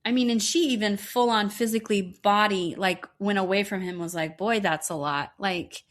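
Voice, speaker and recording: A woman's voice: medium pitch, fairly even intonation, moderate pace. A woman co-hosting a podcast, recapping reality TV in blunt, profane casual chat. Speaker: podcast co-host.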